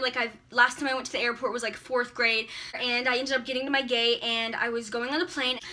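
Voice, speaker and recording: A teenage girl telling a storytime vlog to her camera, excitable and gushing, with lots of "like". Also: a little high, a little hiss or hum. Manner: excitable, gushing, many likes. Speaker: vlogger.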